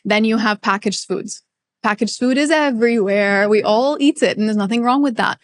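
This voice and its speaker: A woman's voice: fairly high pitch, normal speed, dry recording, clean studio sound. A woman guest nutritionist in a casual interview, talking emphatically and firing off rhetorical questions. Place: Middle East.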